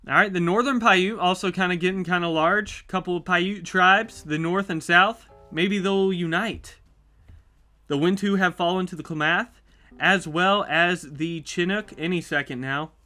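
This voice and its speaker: Unhurried and high-voiced, a YouTube host walks viewers through a map simulation with chatty, upbeat play-by-play. He meets each development with excitement.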